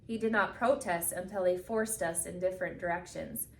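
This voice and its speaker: A woman reading a picture book aloud with expressive storytelling, slowing down for the solemn moments. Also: lowish voice, gravelly, a little hiss or hum. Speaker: reader. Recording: echoey room from a distance.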